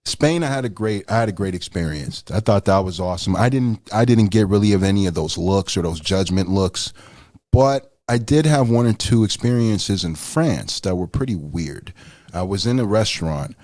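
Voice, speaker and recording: A man's voice: lively intonation, moderate pace, a little mellow, no room sound, clean studio sound. A young man who is a guest rapper, chatting casually on a call-in radio show, laid-back and swearing freely. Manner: laid-back, swears freely, squeals high when acting out his own surprise.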